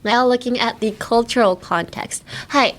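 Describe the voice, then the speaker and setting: A woman's voice: on the high side, normal speed, faint music behind. A young woman hosting a casual bilingual language lesson, playful and giggly, drilling words over and over. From United States. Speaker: podcast host, English teacher.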